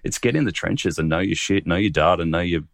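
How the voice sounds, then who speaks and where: A man, co-hosting a podcast in casual chat, laid-back and measured with the odd swear. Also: sits low, gravelly, no echo, clean studio sound. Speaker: podcast co-host.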